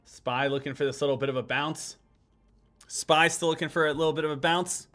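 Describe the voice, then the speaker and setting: A man's voice: fairly high pitch, fairly even intonation, brisk, a bit bright, faint music behind. A man hosting a live stock trading stream, chatting casually and repeating each ticker call over and over. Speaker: stock trading livestream host.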